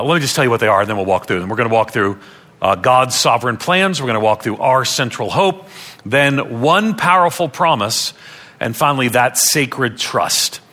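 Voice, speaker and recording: A man's voice: mid-range voice, sharp tone. A man preaching a sermon as a pastor, from Long Island, earnestly teaching and repeating key phrases for emphasis. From Long Island, New York.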